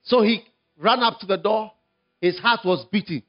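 A man preaching an evangelistic sermon, telling a story dramatically, swinging from hushed to shouting. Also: high voice, normal speed, lo-fi sound, soft background music.

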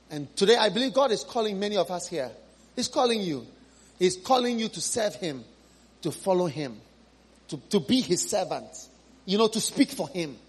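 In a husky, fervent voice, a man delivers an impassioned sermon with wide swings, going from loud, high exclamations to low, hushed appeals. He repeats phrases for emphasis and puts pleading questions to the congregation.

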